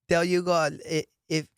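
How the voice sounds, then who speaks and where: A man doing an impression of a famous boxer, a soft-spoken man who talks in a halting, childlike way. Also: a little high, smooth, no room sound, studio quality, pitched above the performer's own voice. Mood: amused.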